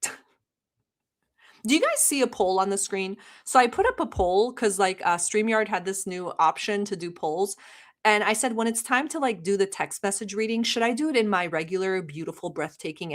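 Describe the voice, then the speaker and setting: A woman from the Middle East hosting a casual livestream, talking straight to her chat in a brash, sarcastic way and mock-yelling at viewers. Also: mid-range voice. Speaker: livestream host.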